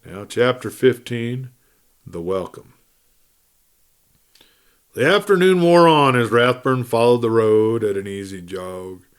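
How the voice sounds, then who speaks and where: A man hosting a storytelling show, reading a western novel aloud in steady, measured narration. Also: mid-range voice, clean tone. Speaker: storyteller host.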